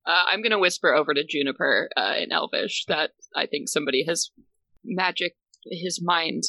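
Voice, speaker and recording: A woman's voice: sits low, animated, moderate pace, gravelly, sharp tone, no room sound, poor audio. A woman player in a tabletop game, casual and wry.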